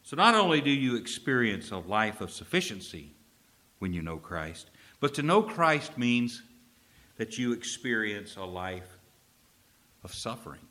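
A man from Texas, a preacher delivering an emphatic sermon and slowing down to stress key phrases. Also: on the high side, big pitch swings, bright, forceful tone.

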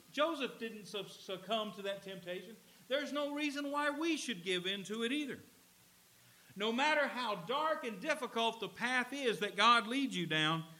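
A male pastor preaching a sermon in a church, speaking emphatically and acting out scenes as he goes. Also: high-pitched. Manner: expressive, emphatic, dramatizes scenes. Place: church with a slide screen.

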